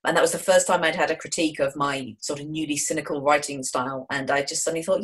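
This lively, low-voiced woman has a Wolverhampton accent from England's Midlands. Appearing as an author and screenwriter guest, she gives animated, enthusiastic interview answers, joking freely and quick to act out voices in her stories.

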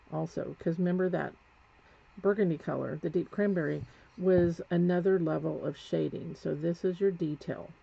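During a live painting demonstration, a woman instructor chats as she works and corrects herself as she goes. She has a low-pitched voice with vocal fry and a slightly rough edge. Faint background noise runs through the dull, lo-fi recording.

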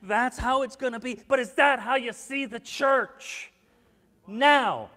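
Pastor guy preaching, kinda high voice, big echoey church hall, goes hushed then loud telling stories. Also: slow pace. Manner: animated storytelling with acted-out quotes, swings from hushed to loud. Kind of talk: sermon. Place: church sanctuary.

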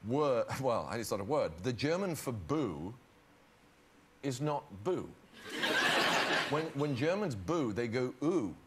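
A man's voice: medium pitch, big pitch swings, takes it slowly, pauses often. An English man telling a story as a talk show guest, hesitant and self-deprecating, with many stumbling restarts. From England. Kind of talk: anecdote-telling chat. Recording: loud studio audience and noise.

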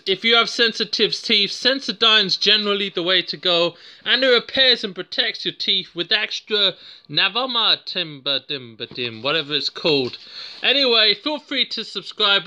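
A man's voice: high-pitched, pushed and bright. A man with a British accent giving a casual, unscripted product review, rambling and joking at his own expense. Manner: rambling, jokey and self-mocking.

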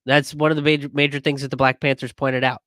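A comedian hosting a casual commentary stream, reading viewer comments and talking it through with lots of fillers and restarts. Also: male voice, mid-range voice, quick pace, no room sound, studio quality. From immigrant. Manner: conversational, many fillers and restarts, animated when quoting others.

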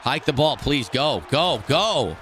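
Swearing, animated male gameplay streamer. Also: medium pitch, brisk, slight background noise. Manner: frustrated, swears often, yells at the game. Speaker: streamer playing a football video game. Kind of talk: live gameplay commentary.

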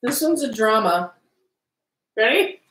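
A woman's voice: a little high, lively intonation, slow pace, fairly bright tone, roomy sound, slight background noise, rough recording. A woman co-hosting a live stream, chatting casually and reading out movie lines, laughing at herself. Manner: chatty, self-deprecating, laughs often.

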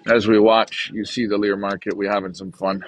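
A man's voice: on the low side, level tone, moderate pace, noisy background. A man from Canada giving a chatty, upbeat, gum-chewing vlog as he walks through an outdoor pigeon market, filming on a handheld phone. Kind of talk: casual walk-around vlog. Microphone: handheld phone camera.

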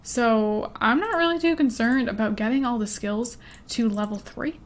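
A woman's voice: on the high side, normal speed, a little hiss or hum. A young woman rambling and giggling as she plays a life-sim game, easily distracted and chatty. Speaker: gaming YouTuber. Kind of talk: rambling let's play commentary with story time.

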